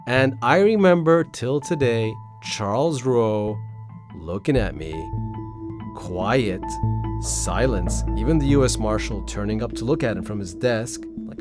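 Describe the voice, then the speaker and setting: A man recounting events in a loose, casual way, his voice rising and falling a lot as he acts out the voices of others. Music runs clearly under him. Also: medium pitch, a little slow. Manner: animated, acts out quotes, swears. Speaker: interviewee. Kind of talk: casual storytelling.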